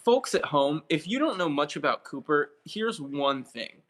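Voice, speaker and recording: A man's voice: on the high side, expressive, measured pace, a bit bright. A young man co-hosting a podcast in casual chat, joking and teasing his friend. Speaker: podcast co-host.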